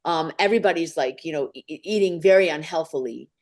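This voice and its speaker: Guest storyteller, woman, lively delivery, somewhat low voice, acts out quoted voices. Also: fast talker. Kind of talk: storytelling in a podcast interview.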